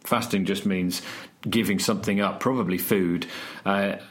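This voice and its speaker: A man's voice: low voice, normal speed. A man, a student church leader chatting on a podcast, telling stories with energy and frequent restarts. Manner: storytelling, animated, many restarts. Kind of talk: casual podcast conversation.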